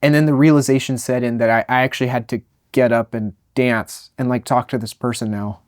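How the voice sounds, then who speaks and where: A young man narrating a comedic storytime with animated, self-mocking delivery and quick jokey asides. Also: mid-range voice, smooth, no echo, clean studio sound.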